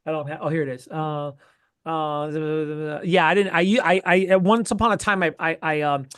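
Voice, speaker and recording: A man with a high voice coaches a sales role-play in a casual, animated way. He swears freely and fires off short phrases over and over. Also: clear, resonant tone. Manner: animated, profane, quick bursts of repeated phrases. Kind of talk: coaching feedback in casual chat.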